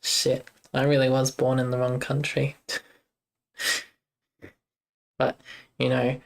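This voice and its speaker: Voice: mid-range voice, monotone, slow pace, creaky. A young adult, live-streaming game development and chatting casually with viewers while thinking aloud over code.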